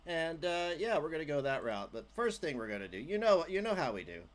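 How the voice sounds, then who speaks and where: A man hosting a casual livestream, joking and chatting loosely with his viewers. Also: medium pitch. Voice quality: animated, jokey, trails off into asides. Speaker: livestream host.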